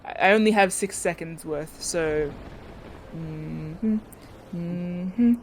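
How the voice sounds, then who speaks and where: A woman's voice: deep voice, unhurried, a little mellow, slight background noise. A woman playing in a tabletop game session, chatting casually, giggling and restarting her sentences often. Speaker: player.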